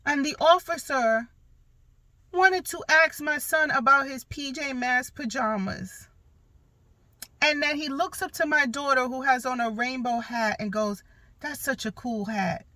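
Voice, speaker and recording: A woman's voice: sits high, a little slow, bright, forceful tone, no echo. A woman in her thirties hosting a podcast, telling a personal story in a candid, emphatic way with some blunt cursing. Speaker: podcast host.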